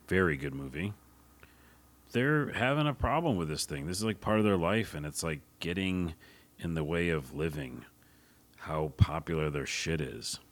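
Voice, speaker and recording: Deep-voiced rambling male podcast host. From United States. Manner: rambling, offhand, swears casually. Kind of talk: casual solo podcast talk.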